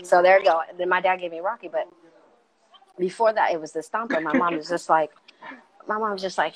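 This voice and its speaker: A middle-aged woman with a fairly low voice speaks as a guest in a casual conversation. She talks with passion and insistence and pushes her voice up when she drives a point home. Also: fairly quick, pauses often, a crowd in the background, low-quality recording. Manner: passionate, emphatic, gets louder as she makes a point.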